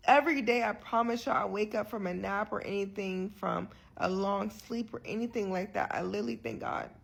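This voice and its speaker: Speaking candidly to her viewers, this young vlogger recounts her health journey with earnest frustration, frequently restarting and repeating herself. She talks briskly in a medium pitch, with vocal fry and a breathy edge.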